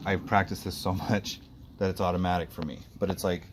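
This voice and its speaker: A man working as a dog trainer, coaching an owner outdoors in an animated, explanatory way. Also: low-pitched, brisk, noisy background. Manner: explanatory, animated, acts out the dog's thoughts.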